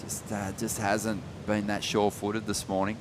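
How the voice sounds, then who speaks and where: A man calling a surf contest live, relaxed, rising in energy on big turns. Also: lowish voice, moderate pace, background noise. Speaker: surf commentator. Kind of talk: live sports commentary.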